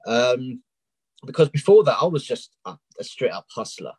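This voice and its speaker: A man in his thirties from England with a London accent, a coaching client talking openly as a guest in a casual interview, with many ums and pauses. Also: mid-range voice, sing-song, husky, no echo, low-quality recording. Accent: London English. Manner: open and candid, with many ums. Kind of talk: casual interview on a live stream.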